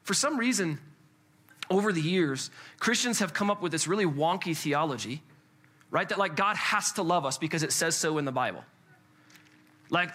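Bright-voiced male pastor preaching. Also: on the high side, normal speed. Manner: conversational, animated, repeats words when restarting. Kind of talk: sermon. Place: church service with congregation.

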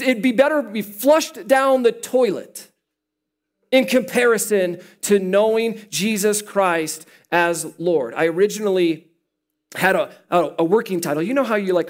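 A male pastor with a high voice preaches a sermon in an animated, playful way. He jokes with his listeners as he teaches, and his voice climbs as he gets excited.

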